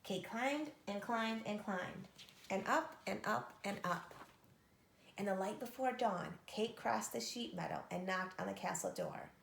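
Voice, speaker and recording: A woman reading a children's story aloud at a steady read-aloud pace. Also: medium pitch, a little slow, creaky, roomy sound, a little hiss or hum. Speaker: storybook reader.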